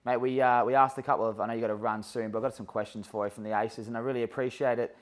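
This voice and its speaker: A man's voice: mid-range voice, fairly even intonation, very fast. An Australian man hosting a podcast interview, chatting in a friendly, matey way and drawing his guest out. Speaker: podcast host. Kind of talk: casual interview chat.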